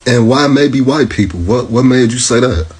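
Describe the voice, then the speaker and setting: A man's voice: mid-range voice, expressive, normal speed, darkish tone. An American man reacting to video clips with sarcastic, slangy rebuttals. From United States. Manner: sarcastic, repeatedly addresses the clip, slangy.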